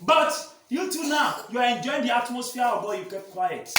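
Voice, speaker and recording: A man preaching a sermon as pastor, calling out questions for the congregation to answer and swinging between loud shouting and quiet talk. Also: very high voice, animated, moderate pace, background noise. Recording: echoey hall from far off.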